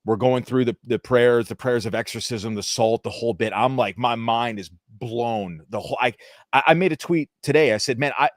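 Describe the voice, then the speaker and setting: A man's voice: medium pitch, moderate pace, dry recording, clean studio sound. A man in his thirties talking casually on a podcast, earnest and enthusiastic, calling his friend dude. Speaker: podcast co-host.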